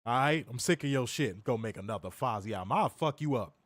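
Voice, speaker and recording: A man co-hosting a wrestling review, his voice worn and hoarse, ribbing his co-host with profane mock threats. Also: medium pitch, lively intonation, brisk. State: losing his voice. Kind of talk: casual podcast banter.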